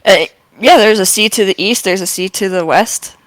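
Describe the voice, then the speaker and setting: A woman running a tabletop game as game master, narrating lore with many pauses and restarts. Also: mid-range voice, no room sound, low-quality recording. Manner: halting, lots of ums and restarts.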